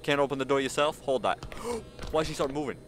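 A man's voice: on the high side, lively intonation, a little fast, a little hiss or hum. A man doing horror game commentary, jumpy and panicky, pleading with and talking back to the monster chasing him. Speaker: gaming channel host. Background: game music.

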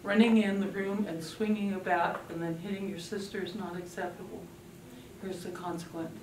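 An older woman speaks to an audience about raising children, telling animated stories and playing out what her kids said. Her voice reaches the mic from a distance in a roomy, echoing space, with faint noise under it. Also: medium pitch, normal speed. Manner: lively storytelling, acting out quoted family voices. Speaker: parenting speaker. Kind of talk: talk to an audience.

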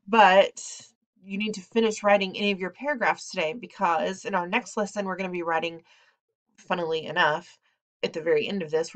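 A woman teacher recording instructions for her class, talking in a chatty way with frequent ums and off-hand asides. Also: lowish voice.

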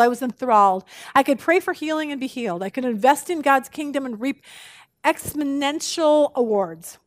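A woman teaching a women's Bible study, animated and expressive, telling jokes as she speaks. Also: on the high side, dry recording.

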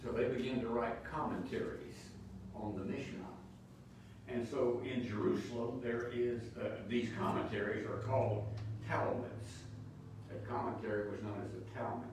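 A man's voice: medium pitch, steady tone, moderate pace, background noise. A man teaching a Bible study sermon in a church, speaking emphatically and asking his listeners rhetorical questions. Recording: echoey church from far off.

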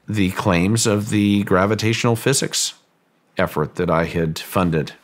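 A man being interviewed who recounts a story in a halting way and often repeats words as he goes. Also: on the low side. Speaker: guest, ranch owner recounting a story.

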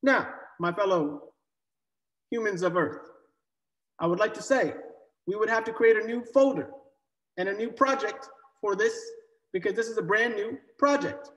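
A measured, statesmanlike male leader, as a man puts him on in a voice pitched well above his own, with slow, halting pauses. He sounds unhurried and stately, and the sound rings in an echoey room with a long tail. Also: a bit bright, recorded from a distance. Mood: mock-presidential. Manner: slow, deliberate pauses with drawn-out fillers.

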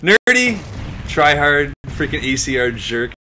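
A young man commentating a game with friends over a headset, excitable, laughing a lot and yelping when he dies. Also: a little high, a little slow, slight background noise. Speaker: gamer host.

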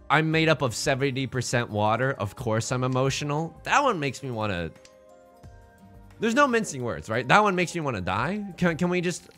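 A man's voice: mid-range voice, fairly bright tone. A young man chatting casually on his livestream, rambling and joking, often restarting phrases and swearing. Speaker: streamer.

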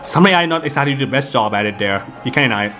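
A man's voice: medium pitch, lively intonation, rapid-fire. A man giving casual, rambling commentary over gameplay, full of fillers and restarts, with game music behind him. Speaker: gaming video host.

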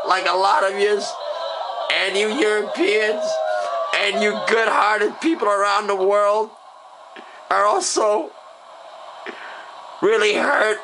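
Loud sarcastic man fake-crying. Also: high-pitched, heavy background noise. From Canada. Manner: fake sobbing, shouting, sarcastic. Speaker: vlogger. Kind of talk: mock-grieving comedy rant.

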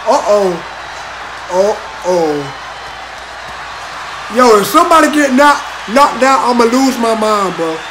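A high-pitched man reacting to a fight, unhurried between his excited shouts and slangy remarks. A roaring arena crowd plays loudly behind him from the video he is watching. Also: noisy background. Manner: excitable, exclaiming and shouting at the action; slangy, peppers lines with "bro". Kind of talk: live reaction to a boxing fight.

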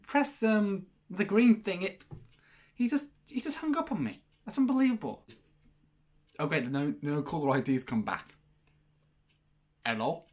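A man hosting a prank-call video, chatting casually and excitably between calls. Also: sits high. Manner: excitable, exclamatory, quick to laugh. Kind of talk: casual vlog chat.

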